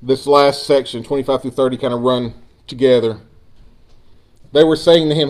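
A man's voice: medium pitch, fairly even intonation, moderate pace, pauses often, darkish tone. A man preaching a sermon, building emphasis and speaking directly to his congregation. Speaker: pastor.

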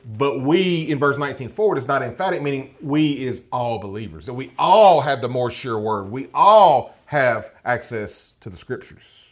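A medium-pitched, expressive man teaches a Bible passage to a class at normal speed, hardly pausing. He reads the verses aloud and keeps checking in with "okay?" or "right?".

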